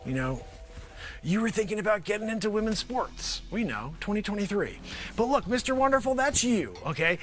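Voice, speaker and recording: A man hosting his own show, rambling through a sarcastic, excitable comic sales pitch. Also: fairly quick. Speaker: host. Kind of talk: comedic improvised pitch.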